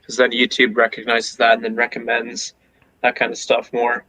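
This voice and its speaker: A man's voice: medium pitch, monotone, moderate pace, sharp tone, low-quality recording. A man who runs his own channel, chatting casually as a guest on a livestream, easygoing and hedging. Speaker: fellow streamer guest. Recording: faint background noise.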